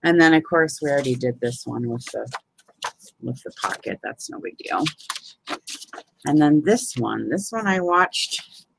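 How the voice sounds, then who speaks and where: A woman with a very deep, expressive voice and vocal fry hosts a casual live crafting hangout, speaking a little slowly and pausing often. She chats while demonstrating paper folds and greeting viewers, filling gaps with "you know what I mean," over a noisy background.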